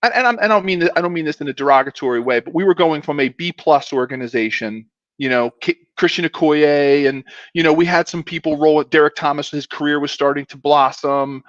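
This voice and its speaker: A man's voice: fairly high pitch, brisk, fairly bright tone, dry recording, muffled recording. A man in his fifties, a former pro football player, telling a long story as a guest in a casual, rambling way with many asides.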